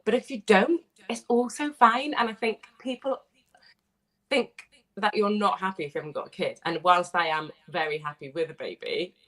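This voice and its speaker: A woman in her thirties from Wales, a playwright chatting on a radio show, telling stories with bubbly, animated quoting. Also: medium pitch, moderate pace. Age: 30s. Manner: bubbly, animated storytelling with quoted voices. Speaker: playwright guest. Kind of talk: casual radio interview.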